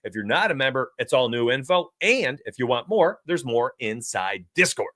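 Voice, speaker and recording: A man's voice: medium pitch, normal speed, no room sound, clean studio sound. Hyped man hosting a betting stream. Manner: excitable, hype-driven, addresses chat directly. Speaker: sports betting show host. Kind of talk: energetic live-stream betting talk.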